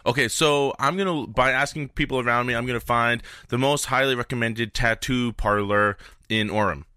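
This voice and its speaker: A man's voice: medium pitch, steady tone, normal speed, sharp tone, clean tone, no echo, studio quality. A man playing his character in a tabletop game, casual and a little hesitant. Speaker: player.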